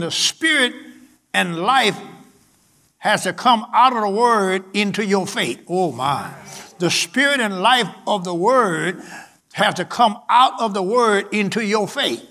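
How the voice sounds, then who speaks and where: A man's voice: high-pitched, fairly bright tone. A male pastor, preaching a sermon that swells in emphasis, with repetition and calls out to the congregation.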